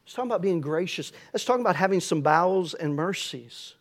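A man's voice: high voice, expressive, quick pace. A middle-aged man preaching a folksy, storytelling sermon that builds to emphatic passages. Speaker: pastor.

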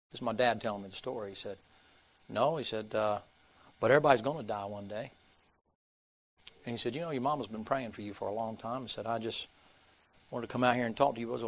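Folksy preacher with a gravelly voice. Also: male voice, fairly low pitch. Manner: folksy storyteller, acts out characters' voices. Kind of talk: sermon storytelling.

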